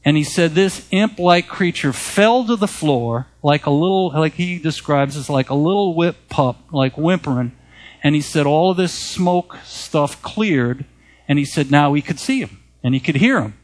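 A man preaching and retelling an account to his listeners, with a voice that sits a touch higher than most men's. He tells it in an animated storytelling way and lifts his voice whenever he quotes someone. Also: normal speed. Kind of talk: sermon retelling a written account.

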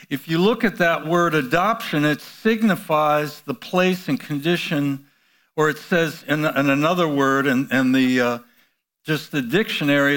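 A man's voice: a little high, fairly bright tone. A man preaching a sermon, prompting the congregation with call-and-response questions and exclaiming hallelujah. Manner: frequent "you know" fillers, exclaims hallelujah.

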